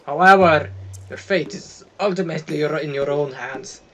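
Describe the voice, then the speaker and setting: A man's voice: a little high, bright, forceful tone, slight background noise. A man doing a solemn old forest wizard. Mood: mystical. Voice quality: vaguely Irish-sounding put-on voice. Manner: slow, solemn, theatrical.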